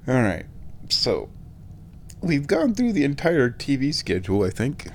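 A man's voice: fairly low pitch, sing-song, unhurried, long pauses, darkish tone, slight background noise. A drowsy man rambling casually to his viewers at home, chuckling often, his sinuses a bit stuffed. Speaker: vlogger. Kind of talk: rambling casual chat to camera.

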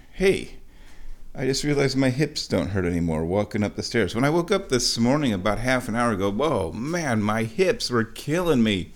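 A man hosting a casual vlog, making tea in his kitchen and talking playfully to himself as he goes. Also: lowish voice. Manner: playful, talks to himself while working, hums. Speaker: vlog host. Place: house, kitchen indoors.

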